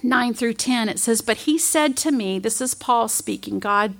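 A woman preaching a sermon in an earnest manner, reading scripture aloud with slow, deliberate emphasis. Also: a little high, gravelly.

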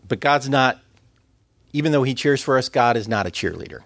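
A man's voice: mid-range voice, brisk, creaky, pauses often, a bit bright, no echo. A man preaching an earnest, conversational sermon and quoting scripture.

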